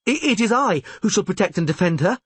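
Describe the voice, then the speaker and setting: A man's voice: sits high, lively intonation, fast, a bit bright, husky, dry recording, pitched above the performer's own voice, exaggerated voice. A man reading an audiobook and voicing an earnest young boy who tries to sound brave. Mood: defiant.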